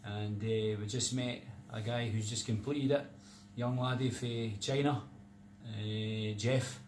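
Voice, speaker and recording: A man in his fifties chats in a good-humoured way, often chipping in. His mid-pitched voice carries a roomy echo and a faint hum of background noise. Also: steady tone, takes it slowly, darkish tone. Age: 50s. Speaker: charity trekker. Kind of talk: casual vlog chat.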